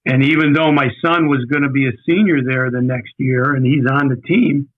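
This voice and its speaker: A man's voice: mid-range voice, steady tone, normal speed. A man in his sixties, a guest coach, telling his career story in a rambling, conversational way, repeating words as he recalls. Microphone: phone call. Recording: tinny phone line.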